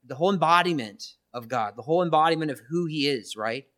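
A man's voice: fairly high pitch, expressive, quick pace, a bit bright. Earnest man preaching a testimony. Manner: earnest, reflective, with frequent "right?" tags. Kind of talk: sermon-style testimony.

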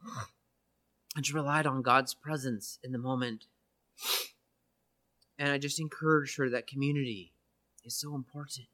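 A man's voice: medium pitch, steady tone, a little slow, long pauses, pushed and bright. A church minister preaching an earnest, reflective testimony, often checking in with his listeners with "right?". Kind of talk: sermon-style testimony.

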